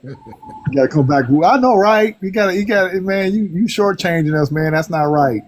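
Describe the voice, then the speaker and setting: A man co-hosting a casual chat, talking loudly and warmly in slang. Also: sits high, expressive, normal speed. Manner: loud, friendly, slangy.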